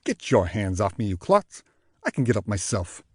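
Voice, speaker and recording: A man's voice: lowish voice, sing-song, husky, no echo, studio quality, pitched below the performer's own voice. Man doing a grumpy old New York jazzman. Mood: grumbling. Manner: loud, grumbling, quick retorts.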